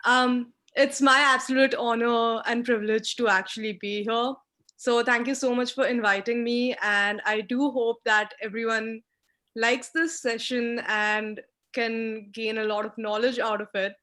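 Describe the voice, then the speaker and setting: A young woman gives an online moot court lecture via video call, her slightly high voice steady, unhurried, bright and forceful. As a guest speaker, she teaches emphatically and instructively, using hand gestures.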